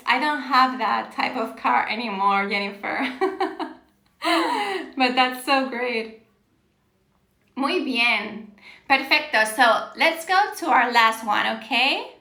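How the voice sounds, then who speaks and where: A woman's voice: a little high, slow, vocal fry, long pauses, bright, forceful tone, reverberant. A woman teaching Spanish on a live stream, reading out viewers' answers, praising them often and laughing, switching between English and Spanish. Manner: encouraging, reads out viewer answers with frequent praise. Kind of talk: live-streamed language lesson. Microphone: phone on a live stream.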